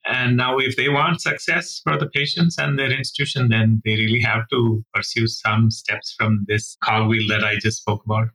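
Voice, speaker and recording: A man speaks as a physician leader in a podcast interview, earnest and emphatic. His voice is bright and forceful at a middle pitch. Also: steady tone, moderate pace, few pauses, poor audio. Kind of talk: professional interview answers.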